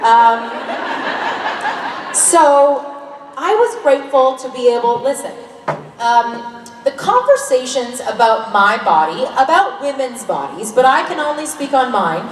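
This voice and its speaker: A Canadian woman in her thirties, an actor answering fan questions on a convention panel in a lively, joking, candid way. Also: high-pitched, unhurried. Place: large convention hall. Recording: echoey hall recording from far off.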